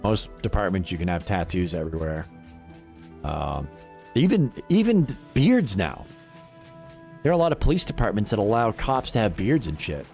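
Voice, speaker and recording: A man's voice: lowish voice, huge pitch swings, vocal fry, a little mellow, faint music behind. A man chatting casually on a gaming livestream, swearing freely, rambling and laughing often between thoughts. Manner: profane, rambling, quick to laugh. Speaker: livestream gamer.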